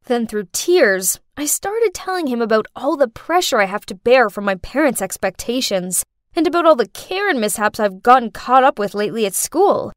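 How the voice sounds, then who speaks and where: A woman telling a first-person story, with an expressive, dramatic delivery. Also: fairly high pitch, normal speed, no room sound, clean studio sound.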